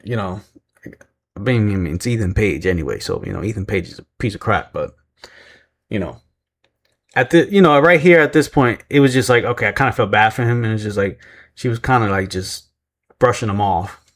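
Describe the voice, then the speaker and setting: A man's voice: fairly low pitch, lively intonation, brisk. Rambling, self-mocking man recapping wrestling. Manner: rambling, self-deprecating, mimics voices when retelling. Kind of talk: casual recap commentary.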